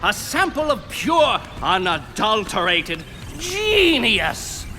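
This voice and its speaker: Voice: mid-range voice, sing-song, slow pace, very noisy. A voice actor playing a vain, scheming know-it-all mutant in a cartoon, talking down to everyone in a haughty, pompous way. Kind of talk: cartoon voice acting.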